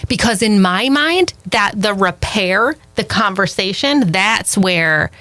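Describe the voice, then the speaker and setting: A woman co-hosting a podcast in casual chat, blunt and animated, swearing freely and acting out little scenes. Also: medium pitch, slow, hardly any pauses, no room sound. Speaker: podcast co-host.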